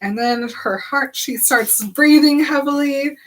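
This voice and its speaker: A woman co-hosting a casual podcast, recapping a novel chapter with frequent laughter and quick quoted voices. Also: high-pitched. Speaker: podcast co-host. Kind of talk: casual book recap chat.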